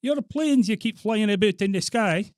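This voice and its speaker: A shrill Scottish poodle owner. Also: male voice, animated, moderate pace, a little mellow, no room sound, clean studio sound. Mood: complaining. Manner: shrill, whiny complaining. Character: fussy Scottish poodle owner complaining about planes. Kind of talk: prank phone call.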